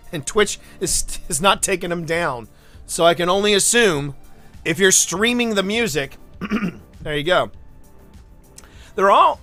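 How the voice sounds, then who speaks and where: A man streaming live, chatting casually and telling stories with lots of restarts and asides. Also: a little high. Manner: animated storyteller, rambling with restarts. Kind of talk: casual livestream chat.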